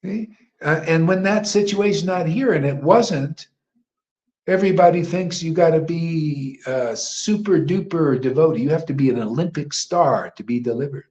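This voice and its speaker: A man giving an informal devotional sermon, rambling and emphatic, dropping to hushed asides and rising to loud outbursts, with slangy "man" and "you know" throughout. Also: on the high side, normal speed, highs cut off. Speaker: devotional teacher leading a chanting gathering.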